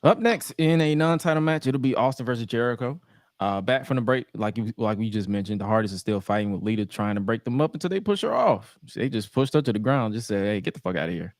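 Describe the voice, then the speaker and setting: A young adult man hosting a casual podcast, telling stories with animated delivery and frequent laughs. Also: medium pitch, fast talker, no room sound. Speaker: podcast host. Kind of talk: casual chat recapping wrestling.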